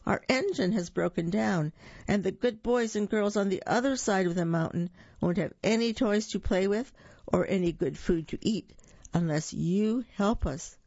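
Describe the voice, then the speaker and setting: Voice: mid-range voice, moderate pace, darkish tone, no room sound, pitched above the performer's own voice, close to an everyday voice. A reader voicing a chorus of small dolls and toys who plead for help, on a dull, slightly lo-fi recording. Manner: begging, tearful.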